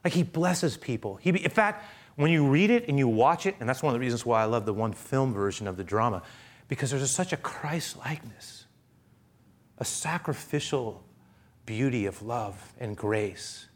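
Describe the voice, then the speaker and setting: A man preaching a sermon, retelling a story with passion; he swings from hushed talk to loud, high excitement. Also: normal speed. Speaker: pastor.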